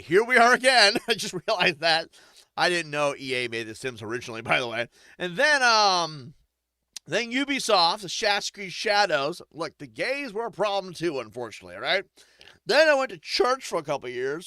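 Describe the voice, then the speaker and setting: A man's voice: high-pitched, sharp tone, clean tone, dry recording, clean studio sound. A man giving rambling, joking, profane let's-play commentary while playing a game. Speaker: gaming streamer.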